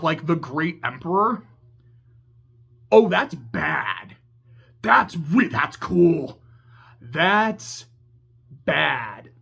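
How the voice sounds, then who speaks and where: Excitable, profane game-review rant. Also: medium pitch. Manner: laughs mid-sentence and corrects itself. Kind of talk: casual video essay rant.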